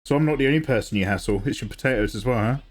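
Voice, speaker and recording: A young livestream host with a medium-pitched voice races through casual chatter while he draws. He jokes around with viewers and laughs frequently.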